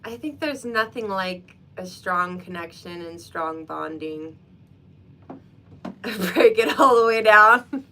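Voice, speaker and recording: A woman with a medium-pitched, sharp-toned voice speaks slowly with lively intonation, over slight background noise. Hosting a casual livestream chat, she talks through her views with lots of fillers and laughs often.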